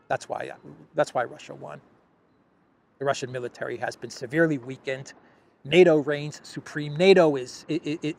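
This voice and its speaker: A male news commentator with a gravelly, fry-laden voice at a middle pitch. He talks in a sarcastic, scoffing way, restarting phrases as he goes. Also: darkish tone. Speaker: host.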